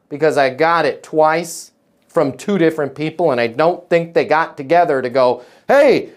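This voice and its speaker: Sales coach guy on a video call, kinda high voice, punchy, keeps saying right? okay?. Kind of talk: live group coaching call.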